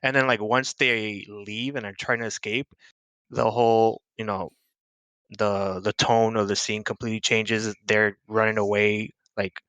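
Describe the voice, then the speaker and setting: A man's voice: lowish voice, little pitch movement, unhurried, a bit bright, dry recording. A man co-hosting a movie podcast, eagerly recounting scenes in casual chat. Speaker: podcast co-host.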